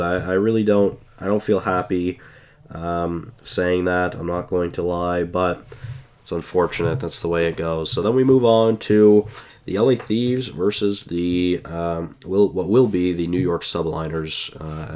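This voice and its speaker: A man with a very low voice chats through his esports picks on a desk mic. He rambles casually, stumbles and corrects himself often, filling pauses with ums and uhs. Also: a little mellow. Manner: chatty, self-correcting, filler-heavy. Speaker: esports YouTuber. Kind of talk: casual prediction commentary.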